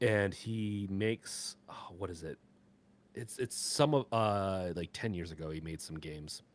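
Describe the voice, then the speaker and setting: A man co-hosting a live gaming podcast, talking casually in a rambling, halting way full of fillers and restarts. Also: deep voice. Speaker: podcast co-host.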